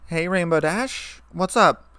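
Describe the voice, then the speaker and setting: A man voicing a timid, gentle young female pony who speaks softly and stammers in a storybook reading. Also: sits high, big pitch swings, normal speed, dry recording, pitched above the performer's own voice. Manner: soft, shy, stammering.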